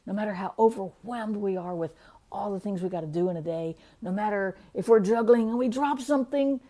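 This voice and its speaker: Woman, devotional speaker, warm mellow tone, casual and chatty. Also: mid-range voice. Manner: chatty, laughs often, reads verses slowly.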